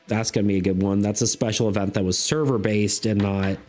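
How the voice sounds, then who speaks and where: A man's voice: fairly low pitch, fairly even intonation, a little fast, a little mellow, soft background music. A man streaming, chatting casually and reading chat messages aloud, full of fillers and restarts.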